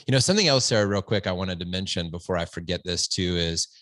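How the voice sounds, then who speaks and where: A man's voice: deep voice, expressive, fast, fairly bright tone, no room sound. A man talking as a podcast guest, earnest and reflective, often restarting his phrases. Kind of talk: conversational interview. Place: at home, standing.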